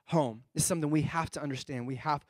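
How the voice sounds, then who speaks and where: Animated preaching man, higher voice. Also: fast, no room sound, clean studio sound. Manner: animated preaching with call-and-response. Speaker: pastor. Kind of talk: sermon. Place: church sanctuary.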